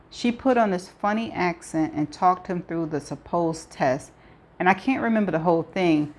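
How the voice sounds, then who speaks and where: A woman reading a novel aloud, voicing a shaken young woman who talks haltingly and corrects herself. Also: fairly low pitch, close to an everyday voice.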